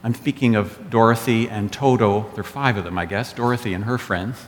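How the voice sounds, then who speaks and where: A man's voice: on the low side, brisk, slight background noise. A man giving a sermon as pastor, telling stories with wry asides. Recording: echoey church hall.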